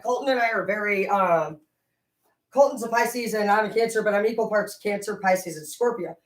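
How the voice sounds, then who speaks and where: A woman doing a casual tarot reading vlog, rambling into profane, excitable stories about pranks with her brother. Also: medium pitch, reverberant, recorded from a distance, rough recording. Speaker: tarot reader.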